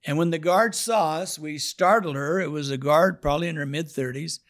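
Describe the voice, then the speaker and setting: A man telling his testimony on a podcast, swinging from hushed prayer to loud, dramatic outbursts. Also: on the high side, moderate pace. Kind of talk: storytelling testimony.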